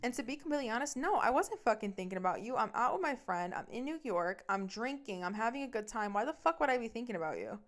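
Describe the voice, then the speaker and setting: Blunt, foul-mouthed woman podcast host. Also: on the high side. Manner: blunt, swears often; fast, animated retelling. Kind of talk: casual storytelling monologue.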